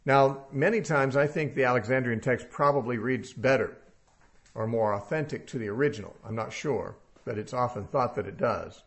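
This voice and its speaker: A man's voice: medium pitch, moderate pace. Conversational male Bible teacher. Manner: conversational, thinking aloud with frequent fillers.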